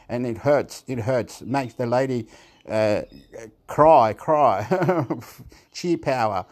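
A man's voice: mid-range voice, takes it slowly. A man, rambling through a casual monologue for his own video channel. He laughs often, swears and jumps from topic to topic. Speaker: vlogger.

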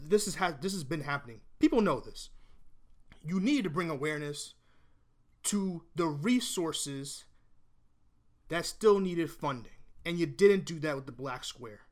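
A man venting his opinion to camera in a blunt, emphatic rant, swearing freely and repeating himself as he argues. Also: on the high side. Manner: repeats and restarts phrases while arguing. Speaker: vlogger.

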